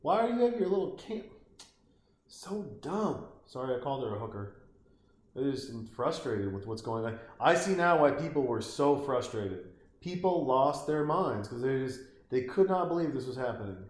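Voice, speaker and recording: In a reverberant space, a man with a mid-range voice watches a movie and riffs on it with comedic, profanity-laced commentary at a moderate pace. He's animated and mocking, ranting at the characters and putting on little voices.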